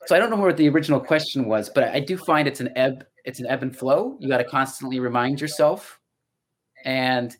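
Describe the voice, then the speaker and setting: A middle-aged man and voice actor talking casually as a podcast guest, reflective and storytelling, often restarting his sentences. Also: mid-range voice. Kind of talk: casual conversation.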